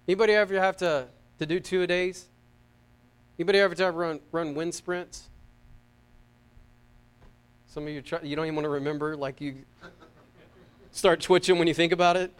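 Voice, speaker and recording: A pastor from the United States preaches a fervent, emphatic sermon in a slightly high, smooth voice. He swings between loud peaks and quiet asides, repeating his phrases.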